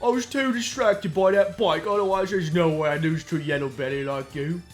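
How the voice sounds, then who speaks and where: A man's voice: a little high, fairly quick, faint music behind, close to an everyday voice. A man voicing a dim, rude male gang grunt in a made-up British accent, brash and taunting. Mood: sulky. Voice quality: rude, dumb-sounding.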